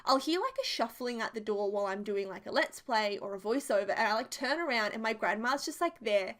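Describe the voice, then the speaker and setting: This young Australian woman in her twenties has a fairly high, expressive voice that's brisk and a bit bright. She's a YouTuber in a casual voiceover chat, telling chatty, rambling stories punctuated by giggles.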